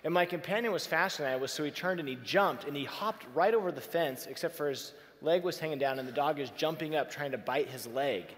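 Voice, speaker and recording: A man's voice: on the high side, fairly quick, few pauses. A man telling a story to a live audience as an inspirational speaker, acting out the dialogue in it. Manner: animated, acts out dialogue in a story. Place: large hall. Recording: long hall reverb from a stage mic.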